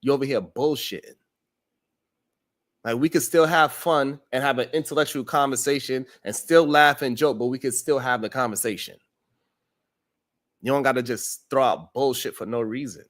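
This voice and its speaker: A man running a live-stream panel talks bluntly and firmly to a guest who keeps derailing it. His pitch sits in the middle range. He swears as he calls the guest out. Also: moderate pace. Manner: blunt, scolding. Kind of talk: heated live-stream debate.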